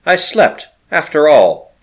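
A man's voice: fairly high pitch, very animated, slow, pitched above the performer's own voice, full character voice. A man voicing a frightened young wife in an audiobook, speaking in a breathless, pleading way. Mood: alarmed.

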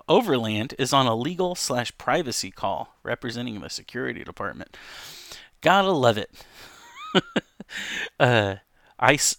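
A man's voice: medium pitch, fairly bright tone, dry recording, clean studio sound. A man casually reading news stories aloud on a livestream, with frequent ums, self-corrections and asides to chat. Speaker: livestream host.

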